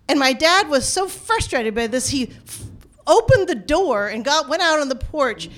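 A woman from the United States telling a personal family story in an animated, wry manner. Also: high-pitched.

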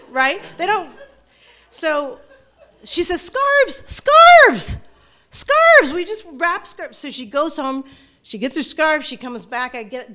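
A middle-aged woman telling a personal story to an audience, animated and self-mocking, often restarting her sentences. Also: high-pitched. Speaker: storyteller, former teacher.

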